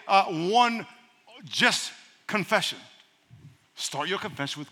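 A man preaching a sermon as a pastor, lively and humorous, leading the congregation in call-and-response. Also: sits high, takes it slowly, long pauses, big-room sound.

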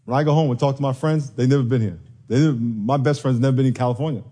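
A man preaching a sermon, telling stories with animated energy and acting out the quoted voices. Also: mid-range voice, rapid-fire. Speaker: pastor.

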